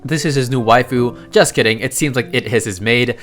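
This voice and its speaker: Excitable man recapping a comic. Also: medium pitch, brisk, soft background music. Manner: excitable, slangy, keeps exclaiming. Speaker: manhwa recap narrator. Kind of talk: casual story recap narration.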